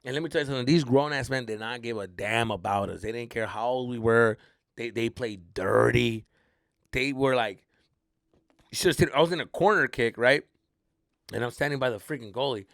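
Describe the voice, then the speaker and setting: A man hosts a comedy podcast in clean studio sound with no echo, talking a little fast. He tells a story casually and profanely, mixing in Spanish slang, and animatedly acts out quoted people in high voices.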